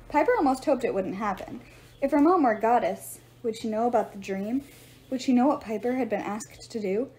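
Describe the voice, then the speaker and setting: A woman narrating a novel aloud in a steady, even storytelling manner. Her voice is mellow and warm, pitched slightly high. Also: a little fast. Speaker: reader.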